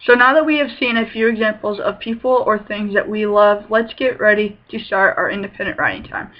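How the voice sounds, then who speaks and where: A young woman student teacher reading a picture book aloud, then giving clear teacherly instructions for writing time. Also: mid-range voice, brisk, highs cut off.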